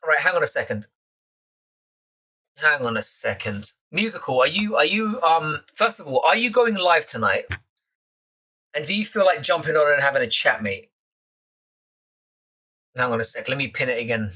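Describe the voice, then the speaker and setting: A man's voice: fairly high pitch, lively intonation, moderate pace, pauses often, sharp tone. A young man with a London accent hosting a live stream chat, casually swearing and teasing the viewers in his chat.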